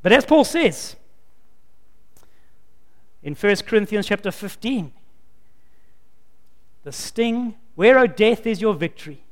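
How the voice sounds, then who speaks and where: A man preaching a sermon, swinging between loud, emphatic lines and low, quiet asides. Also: very animated, takes it slowly, long pauses, long reverb tail.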